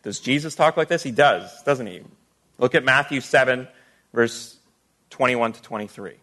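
Male pastor, mid-pitch, conversational sermon delivery, keeps checking in with the congregation. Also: normal speed, sharp tone. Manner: conversational teaching with rhetorical questions.

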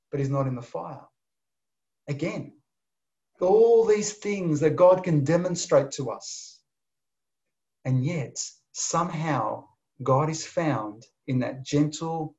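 A man preaching a sermon, swinging from emphatic bursts to soft, near-whispered lines. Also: on the high side, lively intonation, slow pace. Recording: dull lo-fi sound.

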